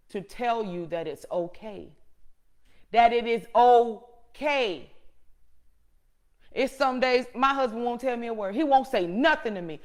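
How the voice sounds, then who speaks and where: A middle-aged woman hosts her own show and speaks straight to her viewers with a fervent, preacherly delivery. Her voice sits fairly high. She drives points home by repeating phrases, and she drops to a near-hush before swelling back to loud emphasis. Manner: shifts between soft hushed moments and loud emphatic ones. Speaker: show host. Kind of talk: motivational talk to viewers.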